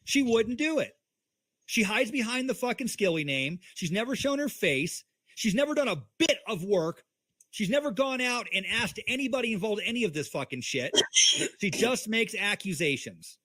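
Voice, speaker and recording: A man on a video call, his voice pitched a bit high and the sound very dry. He talks in a heated, profane and emphatic way, repeating his point with force. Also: big pitch swings, normal speed, a bit bright, no echo. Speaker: co-host. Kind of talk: heated livestream chat.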